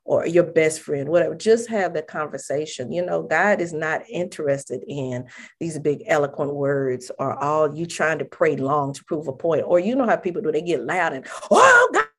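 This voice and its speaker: Casting: husky woman, slightly low, animated casual faith talk, playful. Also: moderate pace. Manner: animated, acts out prayers with big pitch jumps, laughs often.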